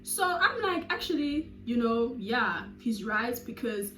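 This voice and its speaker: Animated South African woman, slightly high. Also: unhurried, a little hiss or hum. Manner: animated, dramatic storytelling with sudden loud bursts. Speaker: YouTuber. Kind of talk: storytime vlog. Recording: roomy echo.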